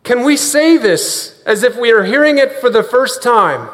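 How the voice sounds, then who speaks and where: A man with a high voice preaches an earnest sermon and has the congregation repeat lines after him. His words ring with the long reverb of a big church sanctuary. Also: lively intonation, moderate pace, a bit bright.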